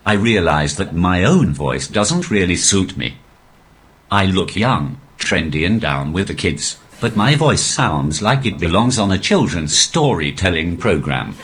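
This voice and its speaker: A male comedian's stand-up comes through a posh, robotic synthetic voice that sits very deep. The delivery stays deadpan and evenly paced, yet the pitch rises and falls in lively swings. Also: unhurried, husky. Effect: synthetic text-to-speech voice. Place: live comedy venue.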